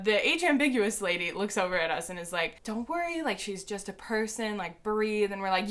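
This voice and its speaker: Bright-voiced young woman telling a story. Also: mid-range voice, fairly quick, few pauses. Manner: excited rambling with many fillers. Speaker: vlogger. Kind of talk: casual storytime.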